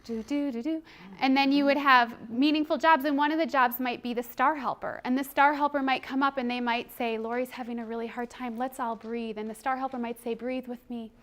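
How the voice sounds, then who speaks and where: A middle-aged woman presenting a teaching workshop, conversational and animated, breaking into short acted classroom scenes. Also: on the high side, clear, resonant tone. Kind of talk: teaching presentation with role-play demonstration.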